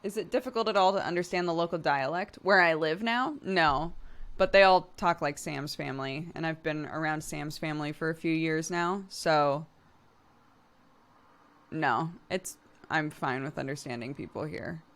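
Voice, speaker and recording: Bright, low-pitched woman chatting casually. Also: normal speed. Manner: chatty, laughs a lot, many fillers. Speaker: streamer reading chat. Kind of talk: casual chat.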